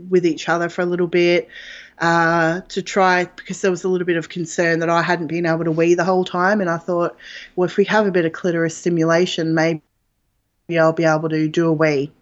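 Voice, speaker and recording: This interview guest has a lowish, fairly flat voice and talks fairly quickly. She tells a personal story frankly and conversationally, with many fillers, on dull lo-fi audio.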